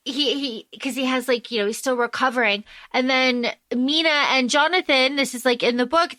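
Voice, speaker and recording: A woman hosts a casual podcast, her voice sharp and high. She tumbles through a story with plenty of fillers and restarts. The sound is dry and close to the mic. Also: no room sound. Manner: animated plot retelling with many fillers. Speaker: podcast host.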